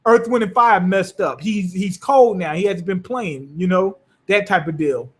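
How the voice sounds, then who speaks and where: A man's voice: high voice, unhurried, slightly rough. A man recapping an anime episode in a loose, rambling, profane way. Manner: profane, rambling, animated retelling. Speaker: anime reviewer.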